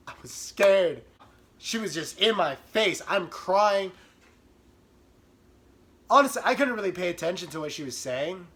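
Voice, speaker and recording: A young man telling a comic storytime about himself in an animated, self-mocking way. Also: high voice, takes it slowly, pauses often. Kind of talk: comedic storytime.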